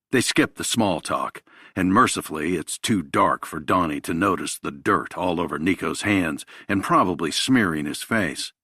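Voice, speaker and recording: A man narrating a thriller audiobook in a measured, even storytelling manner. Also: deep voice, slightly rough, no room sound, studio quality.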